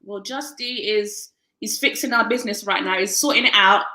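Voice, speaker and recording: A woman's voice: medium pitch, normal speed, pushed and bright, roomy sound. A woman hosting a casual interview, bubbly and laughing often. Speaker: host.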